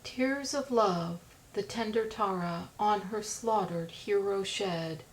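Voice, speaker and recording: Slow woman reading epic verse. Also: medium pitch, slight background noise, poor audio. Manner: steady rhythmic recitation. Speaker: audiobook narrator.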